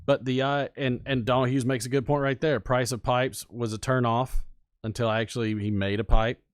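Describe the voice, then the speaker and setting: A man hosting a casual podcast, talking in a relaxed, folksy way with plenty of fillers. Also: mid-range voice, moderate pace, clear, resonant tone, no echo, studio quality. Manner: relaxed, folksy, lots of "you know". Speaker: podcast host. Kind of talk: casual chat about pipe smoking.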